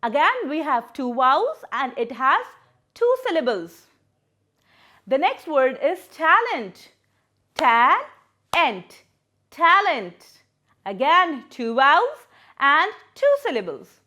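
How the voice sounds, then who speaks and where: Slow, patient woman teacher. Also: high-pitched, sing-song, sharp tone. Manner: patient, repeats words and splits syllables. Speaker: primary school English teacher. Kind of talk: recorded classroom lesson.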